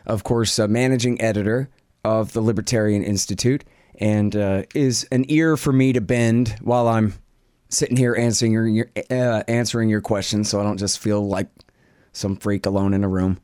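A man hosting a casual question-and-answer podcast from his home office. His voice sits on the low side and he talks in a loose, rambling, self-deprecating way. The sound is close and dry. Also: fairly even intonation, normal speed, a little mellow, clear, resonant tone, dry recording. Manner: rambling, profane, self-deprecating, lots of fillers. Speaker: podcast host. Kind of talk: casual Q and A chat.

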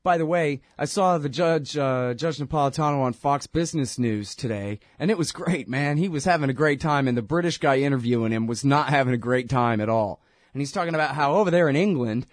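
A man's voice: a little high, fairly quick, no room sound, studio quality. Rambling, sarcastic male talk host. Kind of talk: casual opinion talk.

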